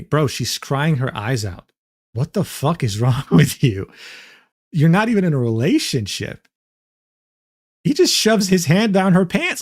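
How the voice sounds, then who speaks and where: Animated, incredulous young male streamer. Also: medium pitch, measured pace, long pauses. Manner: incredulous, swearing, laughs often. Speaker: streamer reacting to a clip. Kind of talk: casual reaction commentary.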